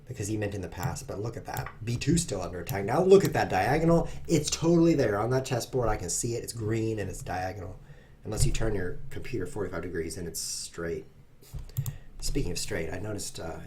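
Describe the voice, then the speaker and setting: A man's voice: sits low, a little mellow, slight background noise. A man giving rambling, self-mocking live commentary while he plays online chess at his computer. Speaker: chess streamer.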